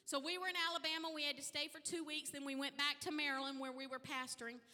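Woman pastor, high and very bright voice, animated storyteller, reverberant hall. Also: fast talker. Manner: animated storytelling, acting out dialogue. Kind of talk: testimony sermon.

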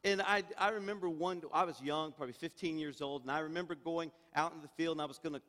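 Preaching emphatically and calling for amens, this older senior pastor speaks quickly in a slightly high, bright voice that holds a steady tone. The church hall around him is full of reverb.

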